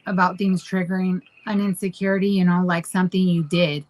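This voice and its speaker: A woman's voice: fairly low pitch, level tone, brisk, darkish tone, poor audio. Woman, podcast co-host, casual and rambling, teasing. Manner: rambling, teasing, goes back and forth. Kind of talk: casual chat.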